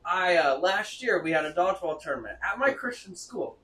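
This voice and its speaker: High, lively young man interviewing. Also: fairly quick. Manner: animated, eager storyteller. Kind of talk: casual interview chat. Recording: somewhat distant mic.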